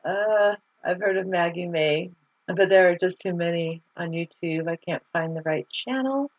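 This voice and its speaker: Reading viewer comments aloud over a video call, a woman hosts a laid-back livestream, chatting loosely and laughing often. Her voice is on the low side and moves at a normal speed. The video call audio sounds a bit muffled.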